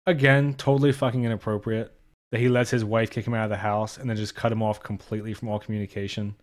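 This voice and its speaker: A man's voice: fairly low pitch, little pitch movement, fast talker. A young man giving a casual spoken movie review, blunt and profane, openly exasperated.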